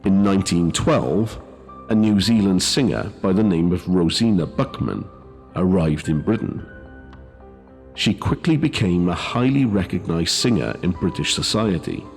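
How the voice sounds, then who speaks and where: Deep-voiced man narrating ghost stories. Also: animated, measured pace, a little mellow, faint music behind. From Wales. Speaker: host and narrator. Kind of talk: scripted ghost story narration.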